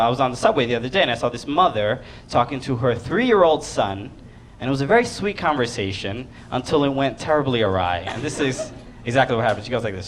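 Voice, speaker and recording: A man's voice: a little high, fairly bright tone, slight background noise. A young man performing a stand-up set in a comedy club, chatty and laughing at his own jokes while acting out voices.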